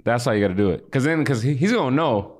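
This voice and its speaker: Man, casual co-host, blunt and jokey, middle pitch. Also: lively intonation, fast, darkish tone. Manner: blunt, jokey, gives advice with slang. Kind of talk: casual chat.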